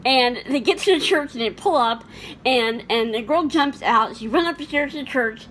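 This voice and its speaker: A woman's voice: high-pitched, moderate pace, fairly bright tone, a little hiss or hum. A woman chatting casually about her favorite movies, laughing often and restarting her sentences. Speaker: vlogger.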